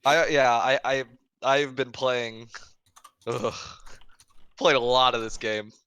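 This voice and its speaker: Bright-voiced rambling man in meeting. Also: mid-range voice, fairly even intonation, slow, clear, resonant tone, no room sound. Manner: rambling, full of "like" and "I mean". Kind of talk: casual team stand-up meeting.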